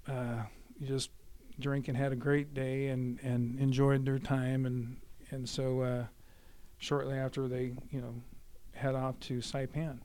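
A man's voice: medium pitch, unhurried. Man retelling his father's stories. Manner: animated, acts out quoted dialogue. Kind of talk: casual storytelling.

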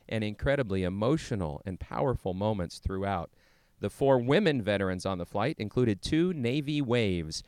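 A man hosting a veterans' program, reading scripted narration in a measured, earnest way. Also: fairly low pitch, darkish tone, clean tone, dry recording. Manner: measured, earnest presenter delivery. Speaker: host.

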